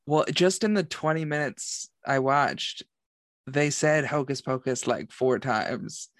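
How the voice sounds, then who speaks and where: A man's voice: medium pitch, takes it slowly, no room sound, clean studio sound. A man chatting casually about a movie, rambling with lots of fillers. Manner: rambling, filler-heavy storytelling. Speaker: podcast co-host. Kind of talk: casual movie review chat.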